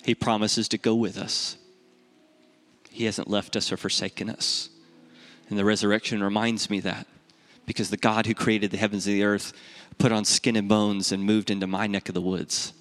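Man, pastor, sermon, bright forceful voice, conversational storytelling, animated quoted dialogue. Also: moderate pace, faint music behind. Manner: animated storytelling, rising in pitch when acting out dialogue.

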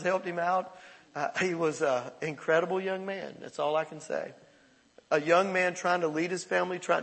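Pastor, middle-aged man, higher gravelly voice, emphatic conversational sermon, reverberant hall. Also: fairly bright tone. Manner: conversational, emphatic preaching with repetitions.

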